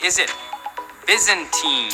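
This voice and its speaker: A man's voice: on the high side, expressive, takes it slowly, over music, poor audio. A man hosting a live trivia game show, playful and jokey, keeping the energy up.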